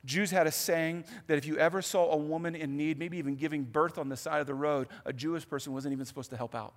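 A male pastor preaching a sermon in a church, telling the story in an animated, conversational way with asides. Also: a little high, fast. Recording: long hall reverb.

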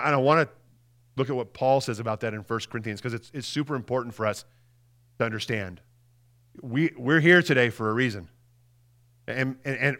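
A male pastor giving an Easter Sunday sermon in a casual, animated way, often repeating words and asking "right?", moving between loud emphasis and hushed lines. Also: mid-range voice.

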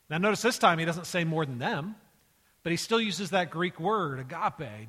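A man preaching a sermon, acting out the dialogue of the story in lively voices and dropping into hushed, quiet tones. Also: mid-range voice, a little fast, long reverb tail. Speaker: pastor.

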